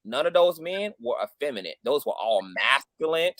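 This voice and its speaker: A woman on a video call giving emphatic, lively commentary in casual chat. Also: very deep voice, moderate pace, dry recording, studio quality. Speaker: co-host.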